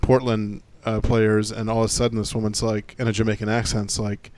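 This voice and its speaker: A man's voice: on the low side, level tone, a little fast, a little mellow. A man hosting a podcast in a casual, joking, rambling way. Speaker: podcast host.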